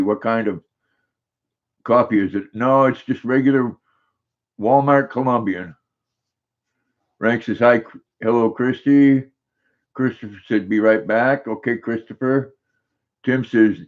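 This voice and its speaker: A man's voice: mid-range voice, muffled recording. An older man hosting a casual livestream, reading viewers' comments aloud and greeting each of them by name in an easygoing way. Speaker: livestream host.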